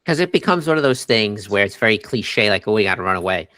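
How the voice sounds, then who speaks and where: Middle-aged man, co-host, low voice, dry close sound, animated scene-quoting. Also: quick pace, no room sound. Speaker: podcast co-host. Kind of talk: casual movie review chat.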